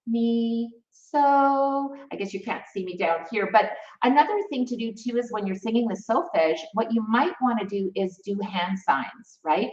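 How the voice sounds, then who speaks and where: A woman teaching music theory in a live stream, chatty and encouraging, reading out viewers' comments as she goes. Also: mid-range voice. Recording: roomy, distant, slightly dull mic.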